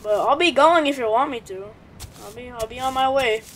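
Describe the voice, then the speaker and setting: A woman giving casual gameplay commentary as a gaming channel host, excitable and slangy, shouting and laughing as the action unfolds. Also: fairly high pitch, fairly quick. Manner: slangy, calls others bro.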